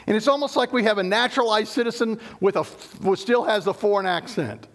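A man's voice: sits high, a little fast, fairly bright tone. A middle-aged man preaching a sermon, explaining scripture emphatically and often restarting his sentences. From Southern United States. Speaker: pastor.

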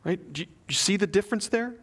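A man's voice: high-pitched, animated, fast, a bit bright, slightly rough. A young adult man preaching a sermon, reading a prayer aloud and telling a story in an earnest, conversational way. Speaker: pastor.

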